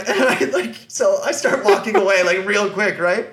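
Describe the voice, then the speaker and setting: A man's voice: high voice, fairly quick, few pauses, fairly bright tone. A man telling a long, rambling story on a podcast, full of restarts and fillers. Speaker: podcast host. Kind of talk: casual storytelling chat.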